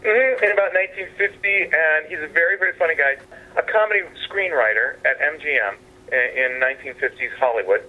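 A man's voice: on the high side, expressive. Man on a tinny phone line. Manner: halting, meandering, with restarts. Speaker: playwright and actor guest. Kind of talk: phone-in radio interview. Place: at his father's house. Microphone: telephone.

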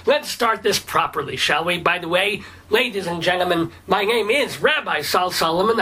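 A man's voice: sits high, pushed and bright, husky, heavily acted. A man voicing a cranky, foul-mouthed older rabbi with a phlegmy, throaty voice, rambling and swearing in a comedic radio bit. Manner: rambling, blustery, swears casually.

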